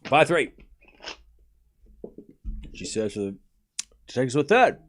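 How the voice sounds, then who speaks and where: A man hosting a live tennis watchalong stream, calling points in quick bursts and chatting with viewers, often stumbling over player names. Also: mid-range voice, sing-song. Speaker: livestream tennis watchalong host. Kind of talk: live play-by-play commentary mixed with casual chat.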